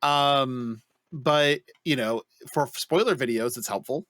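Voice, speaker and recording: A man co-hosting a podcast, telling a story in casual chat with animated, profane delivery. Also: mid-range voice, takes it slowly, no room sound. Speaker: podcast co-host.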